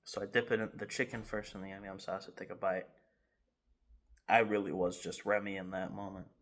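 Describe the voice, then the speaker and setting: Low-voiced man telling a rambling story. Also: fairly quick. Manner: rambling, animated retelling with laughs and restarts. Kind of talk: casual story time. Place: home garage.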